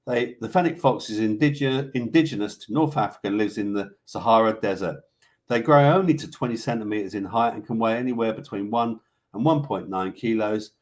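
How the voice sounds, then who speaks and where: A British man with a lowish voice hosts a casual live online show, talking a little fast. He reads out animal facts and viewer comments in a chatty, joking live-stream style.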